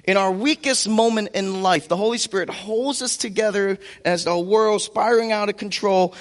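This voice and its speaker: A man with a very high voice preaches an impassioned sermon, leaning into key phrases by slowing right down. His voice rings out with long reverb, as in a large church hall. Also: fairly bright tone. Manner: impassioned preaching with emphatic slow-downs.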